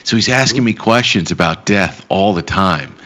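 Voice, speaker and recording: A man in his thirties hosting a live trading show, chatty with quick asides. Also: low voice, animated, bright, forceful tone. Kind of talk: casual live show banter.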